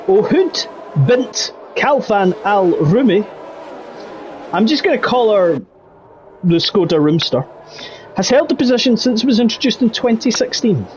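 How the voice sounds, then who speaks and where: A man giving jokey, excitable live commentary on an online racing league. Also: high voice, a little hiss or hum. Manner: jokey, excitable, laughs between calls. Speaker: race commentator.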